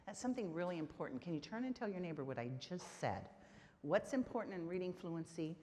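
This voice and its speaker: In a reverberant conference hall, a Texan presenter on literacy instruction gives a lecture, drawing in her listeners with repeated "right?" checks. Her voice is deep and a little mellow, and there's some faint hiss or hum.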